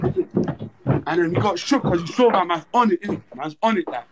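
A man hosting a livestream, retelling events in fast, slangy, repetitive chat. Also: sits high, lively intonation, very noisy. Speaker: livestream host. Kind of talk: animated storytelling on a livestream.

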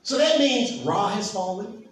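A pastor preaching a sermon, emphatic and asking the congregation questions. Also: male voice, sits high, expressive, measured pace. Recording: echoey hall from far off, faint noise.

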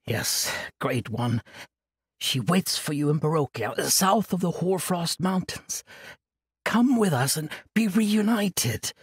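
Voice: medium pitch, lively intonation, takes it slowly, slightly rough, no echo, studio quality, full character voice. An earnest, pleading companion, as a man puts it on.

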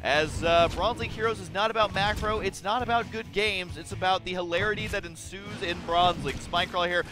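A man giving jokey, excitable game commentary that often jumps into high-pitched shouts. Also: a little fast, few pauses, over music. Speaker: esports caster.

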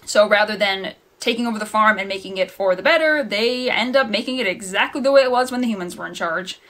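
A woman's voice: medium pitch, fast, fairly bright tone. A young adult woman chatting to camera in a casual book review vlog, rambling and laughing at her own slips. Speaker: book vlogger.

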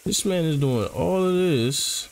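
A man's voice: a little high, lively intonation, slow pace, a little mellow, rough recording. A man casually commentating as he plays a horror game, joking in slang and reacting to what happens. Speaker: gaming channel host.

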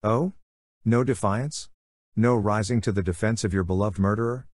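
Guy reading as a smug sarcastic warlord, low voice, dry close sound, mocking then snapping. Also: moderate pace, a little mellow, no room sound, lightly acted. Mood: scornful. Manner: smooth, sarcastic, flares into fury. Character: scheming silver-tongued male warlord, mocking and bitter. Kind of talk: audiobook character voice.

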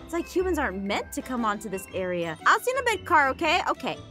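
High bubbly woman full of gasps. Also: quick pace, soft background music. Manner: excitable, lots of gasps. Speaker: YouTuber playing Minecraft role-play. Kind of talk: animated Minecraft role-play.

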